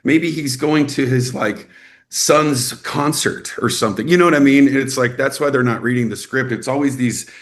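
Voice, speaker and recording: A young adult man from Texas, an actor guest in a casual interview, telling animated stories and acting out quoted people. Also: moderate pace. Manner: animated storyteller, acts out quotes with rising pitch.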